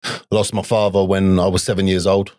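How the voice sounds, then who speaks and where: A man's voice: deep voice, little pitch movement, a little fast, darkish tone, no echo, studio quality. A man with a Cockney accent, a podcast guest in casual chat, blunt and swearing freely. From England.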